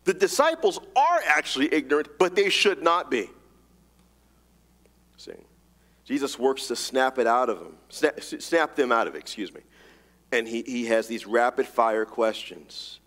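A man's voice: medium pitch, big-room sound. A man preaching a sermon, emphatic and casual, reading scripture and telling a story. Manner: animated, rapid-fire emphatic delivery, casual slang.

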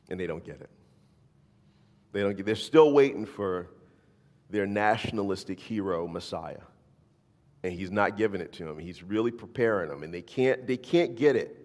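A man's voice: lowish voice, normal speed, pauses often. A man preaching a sermon in a church hall, talking in a loose, conversational way and often checking in with the listeners. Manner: conversational, animated, asks the listeners "right?". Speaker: pastor. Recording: long hall reverb.

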